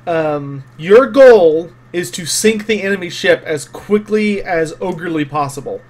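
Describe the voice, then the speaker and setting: A man's voice: high-pitched, animated, measured pace. A man narrating as game master of an online tabletop game, describing the scene vividly with some fillers.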